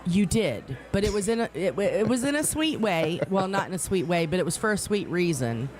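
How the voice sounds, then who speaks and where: A woman's voice: fairly low pitch, fairly quick. A woman, a radio co-host telling a story in casual chat, often laughing. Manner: laughing storyteller, animated retellings.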